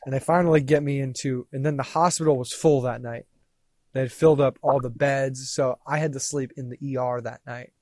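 Animated man telling a story casually. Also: mid-range voice, brisk, no echo. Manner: animated, swearing, acts out quoted lines. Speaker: podcast guest.

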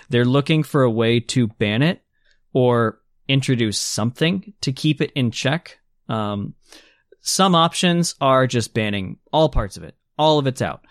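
A man's voice: medium pitch, dry recording, clean studio sound. A man hosting a casual gaming podcast, explaining things at length with enthusiasm. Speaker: podcast host.

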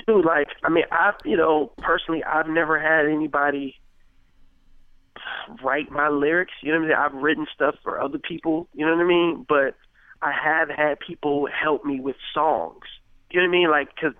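A rapper from Richmond, California, talking casually as an interview guest, rambling and filling with "you know what I mean.". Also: male voice, on the high side, clear, resonant tone, no echo. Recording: tinny phone-like line, dry.

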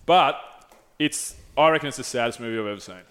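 A young man talks in a loose, candid way, swearing often and restarting his sentences as he tells a story. His pitch sits in the middle for a man, and the talk is an easygoing, casual chat. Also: quick pace, crowd noise. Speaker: podcast host.

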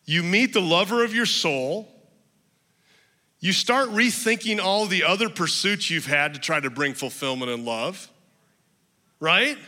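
Male pastor, sermon, emphatic personal storytelling, fairly high, piercingly bright, reverberant church hall. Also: animated, a little slow, pauses often.

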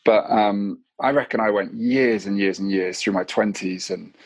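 A man's voice: on the low side, moderate pace, slightly rough, no echo. A man in his thirties, a mindset coach, telling personal stories candidly and reflectively in a casual podcast conversation, often restarting his sentences. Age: 30s.

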